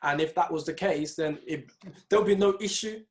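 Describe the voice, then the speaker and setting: Earnest young man, slightly high. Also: a little fast. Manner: earnest, hesitant, with restarts. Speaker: podcast co-host. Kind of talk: casual chat.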